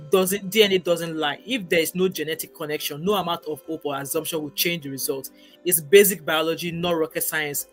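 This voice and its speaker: A woman hosting a livestream, chatting and reading viewer comments aloud. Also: on the low side. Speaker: livestream host. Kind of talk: livestream chat.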